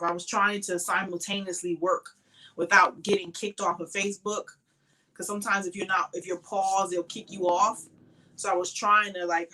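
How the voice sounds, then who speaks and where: Bright-voiced tired woman hosting a live stream. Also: mid-range voice, low-quality recording. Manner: chatty, rambling, thanks viewers by name. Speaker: crochet live stream host. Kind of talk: casual live stream chat.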